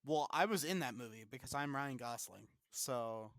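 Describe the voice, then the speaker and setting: A man's voice: mid-range voice, animated, normal speed, fairly bright tone, no room sound. Young guy podcast cohost, swears constantly, fake cocky rants, dry close mic. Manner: profane, ranting, mock-arrogant. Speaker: podcast co-host. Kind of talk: casual comedic chat.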